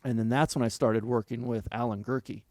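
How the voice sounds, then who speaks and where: Laid-back former racer telling stories. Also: male voice, medium pitch, a little fast, no echo, studio quality. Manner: loose, rambling, lively quoting of others. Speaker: guest, former motocross racer. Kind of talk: casual interview storytelling.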